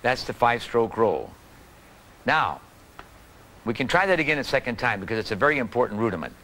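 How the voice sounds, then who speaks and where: A man giving a calm, patient drum lesson for beginners, counting and calling out the strokes. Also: medium pitch, fairly quick, soft background music, rough recording. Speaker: drum teacher. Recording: old video tutorial with loud drums. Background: snare drum playing.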